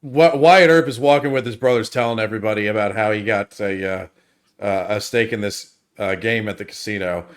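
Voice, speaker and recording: A man's voice: lowish voice, a little fast, clear, resonant tone. Man animatedly retelling movie scenes. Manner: animated storyteller, swears freely. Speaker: film review podcast co-host.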